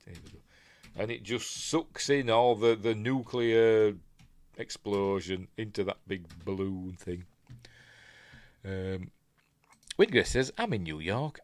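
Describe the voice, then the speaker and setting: A man with a Yorkshire accent rambling casually through a film breakdown, often trailing off and mumbling asides. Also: fairly low pitch. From England. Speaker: film reviewer.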